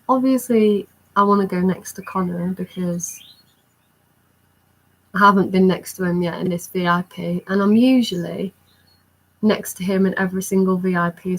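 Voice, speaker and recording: Young woman, chatty vlogger, recounts a story with breathless excitement. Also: mid-range voice, gravelly, poor audio. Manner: excited, rambling recounting with many fillers. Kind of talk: storytime vlog.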